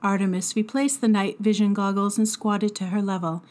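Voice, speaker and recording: A woman teacher reading a chapter book aloud to students in a deliberate, expressive narration. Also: medium pitch. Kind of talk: storybook read-aloud narration.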